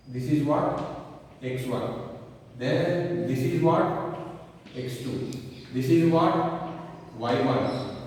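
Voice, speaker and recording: A man with an Indian English accent teaches physics at an unhurried pace, often pausing to ask if students understand. His fairly high voice is heard from a distance in a large, echoing room. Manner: slow, repeats checking questions like "clear?" and "understand?". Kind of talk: online class lecture. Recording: echoey hall, voice far from mic.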